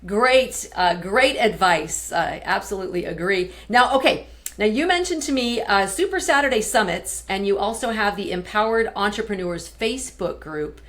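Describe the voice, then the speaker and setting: A woman's voice: medium pitch, lively intonation, moderate pace, fairly bright tone. A woman hosting an interview over a video call, affirming and encouraging her guest. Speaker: host. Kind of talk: casual interview.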